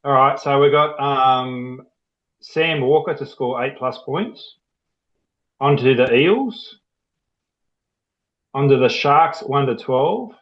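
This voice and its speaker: Plain-spoken co-host, even delivery, muffled lo-fi audio. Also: male voice, medium pitch, takes it slowly, pauses often. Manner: plain, steady listing. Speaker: podcast co-host. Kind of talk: casual chat. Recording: slightly dull lo-fi sound.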